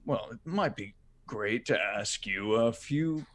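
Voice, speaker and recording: A man's voice: medium pitch, expressive, takes it slowly, a bit bright. A man playing his character in a tabletop game, stammering politely through hesitant, nervous answers. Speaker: player. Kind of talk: in-character tabletop role-play.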